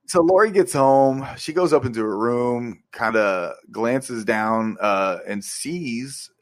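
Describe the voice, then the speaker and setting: Young man, podcast co-host, casual, profane, chuckling recaps, medium pitch. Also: takes it slowly. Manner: profane, laughing retelling of scenes. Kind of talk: casual movie review chat.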